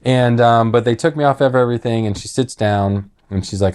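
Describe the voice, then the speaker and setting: A man's voice: medium pitch, fairly quick, darkish tone, smooth. A middle-aged man telling a personal story in casual, earnest talk, rambling with many restarts and filler words.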